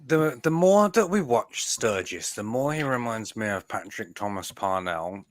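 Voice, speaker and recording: A man's voice: fairly low pitch, sing-song, measured pace, no room sound. A man hosting a casual group stream chat, making dry, offhand remarks. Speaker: stream host.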